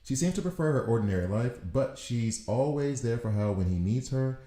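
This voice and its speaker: A man in his thirties giving casual gameplay commentary, riffing in an animated, exasperated way. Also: medium pitch, fairly quick. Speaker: gaming video host. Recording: roomy echo.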